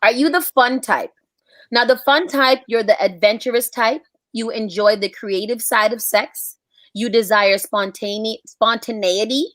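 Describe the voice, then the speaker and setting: A woman's voice: a little high, measured pace, fairly bright tone, no room sound. A young adult woman co-hosting a casual live chat show, reading out a list and laughing often. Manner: laughing, reads lists aloud. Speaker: podcast co-host.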